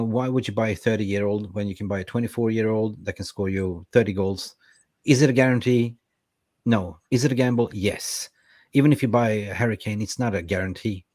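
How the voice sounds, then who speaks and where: A man's voice: mid-range voice, darkish tone, dry recording, clean studio sound. A man co-hosting a casual football fan show, reading viewer comments aloud and reacting to them. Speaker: co-host reading live chat.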